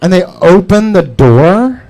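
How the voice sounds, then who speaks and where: A male comedian on a club stage with a fairly high, very lively voice that swings wide in pitch. He rambles and swears through his set, now and then breaking into a squealing cartoonish shriek. It sounds like a handheld mic in a live room. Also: slow pace. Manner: profane, rambling, squeals in a high cartoonish voice when acting scared. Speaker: stand-up comedian. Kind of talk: stand-up set at an open mic.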